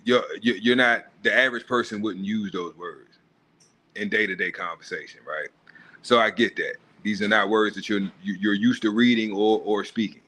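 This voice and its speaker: Profane, animated man ranting on a stream. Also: lowish voice, moderate pace. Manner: profane, animated, mocking, laughs at own jokes. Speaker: live stream host. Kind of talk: casual commentary monologue.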